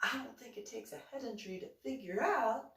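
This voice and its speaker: A woman's voice: on the high side, a little fast. A woman telling a rambling personal story as a channel host, laughing often as she goes. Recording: echoey room, voice far from mic.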